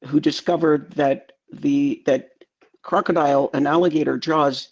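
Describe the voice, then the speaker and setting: A man co-hosting a political live stream, rambling and halting through anecdotes, heard over a remote call. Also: fairly high pitch, fairly even intonation, slightly rough, highs cut off.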